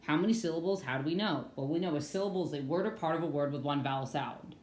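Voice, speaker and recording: Upbeat woman teacher, low voice, echoey room. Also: fast talker, darkish tone. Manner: upbeat and playful, sings phrases. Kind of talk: online reading lesson for kids.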